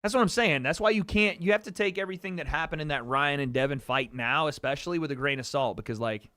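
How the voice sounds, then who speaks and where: A man's voice: on the high side, fast, dry recording, studio quality. Chatty, swearing young male livestream host. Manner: chatty, excitable, swears freely. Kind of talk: casual live fight-watching commentary.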